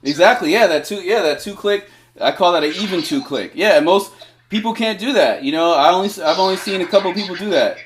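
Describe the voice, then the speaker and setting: A man's voice: sits high, animated, brisk, slight background noise. A man teaching DJ scratching over a cellphone video call, eager and encouraging, talking in loose, filler-heavy bursts. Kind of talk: casual one-on-one instruction over a video call.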